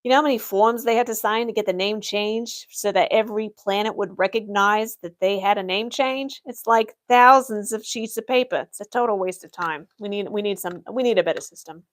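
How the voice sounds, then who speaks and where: Speaking a little fast with hardly any pauses, a young adult woman with a mid-range voice answers chat questions while role-playing an Imperial office worker on stream. Her humor is dry and matter-of-fact.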